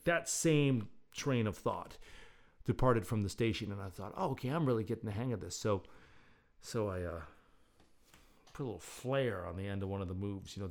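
A man telling a casual, rambling story with self-deprecating humor. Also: on the low side. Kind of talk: casual anecdote.

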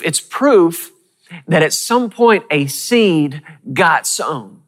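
Emphatic preacher in a reverberant hall. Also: male voice, on the high side, expressive, fairly bright tone. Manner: emphatic, repeats key phrases, asks the audience questions; reads scripture slowly and deliberately. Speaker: pastor. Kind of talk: sermon.

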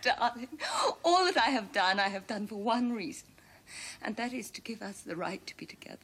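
A scheming noblewoman in a televised period drama, possessive and quick to rage. Her voice sits high and rings bright and sharp. She spits out insults with real venom. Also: lively intonation, husky, heavily acted. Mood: pleading. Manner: vehement, spitting insults.

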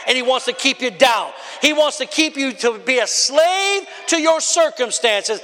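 A man delivers a fiery sermon in a strikingly high, bright voice, shouting out his points and calling for answers from the pews. His words echo with a long tail through a large church hall. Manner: emphatic, often shouting, calls on the congregation. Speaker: preacher.

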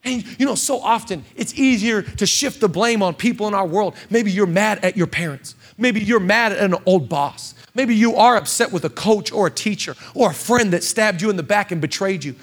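Pastor, man in his 30s, bright high voice, impassioned church sermon, hushed to shouting. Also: expressive, moderate pace, few pauses. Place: church stage.

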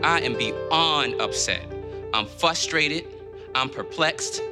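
A man's voice: a little high, slow, music in the background. An actor playing a frustrated younger pastor who pleads for advice about his marriage. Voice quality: earnest, complaining, pleading. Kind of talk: church comedy drama acting.

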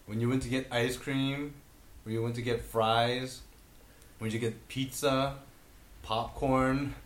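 A man's voice: mid-range voice, level tone, slow. Teasing young man, roomy sound. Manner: teasing, dry. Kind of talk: casual banter.

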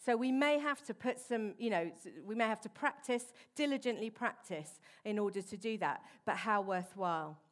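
A woman preaching a sermon in a church hall, earnest and conversational with soft asides. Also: medium pitch, normal speed, hardly any pauses.

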